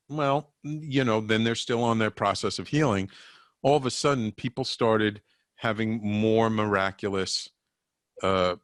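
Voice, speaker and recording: A man who works as an energy healer, a guest on an interview show, telling animated anecdotes with stammered restarts. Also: medium pitch, no room sound, clean studio sound. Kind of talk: casual interview storytelling.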